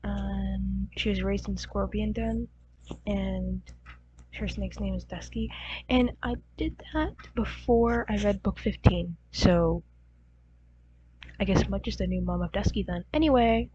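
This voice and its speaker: A woman's voice: medium pitch, measured pace, mellow. Groggy woman rambling and giggling, lots of ums, dull muffled mic with a faint hum. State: groggy, crusty voice from just waking. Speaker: channel host. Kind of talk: casual video showing her characters. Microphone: poor-quality home mic.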